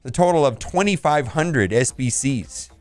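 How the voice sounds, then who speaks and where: Blunt, animated male game reviewer. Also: medium pitch, unhurried, faint music behind. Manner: blunt, animated verdicts with laughs. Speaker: game channel host reviewing store offers. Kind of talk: casual commentary.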